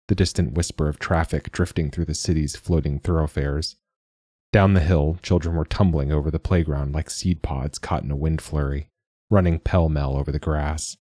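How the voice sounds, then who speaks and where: A man giving measured, wry, reflective first-person audiobook narration. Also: extremely low pitch, warm tone, no room sound, clean studio sound.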